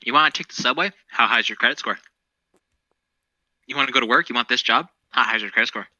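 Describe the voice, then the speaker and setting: A man's voice: mid-range voice, fast talker, sharp tone, no room sound, muffled recording. A man co-hosting a podcast, chatting casually about current events in a rambling, profane, opinionated way. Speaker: podcast co-host.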